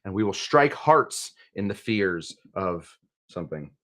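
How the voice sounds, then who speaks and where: On a live cocktail stream, a male host chats loosely, drifting from topic to topic, cracking jokes and reading viewer comments aloud. His voice sits low and fairly bright, with big swings in pitch and a measured pace.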